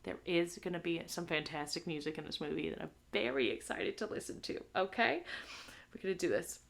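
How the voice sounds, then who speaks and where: A woman's voice: on the low side, a little fast, gravelly, fairly bright tone. A young woman hosting a live movie stream, chatting crudely and tagging her lines with "all right?". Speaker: livestream movie host. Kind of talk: casual chat to a live audience.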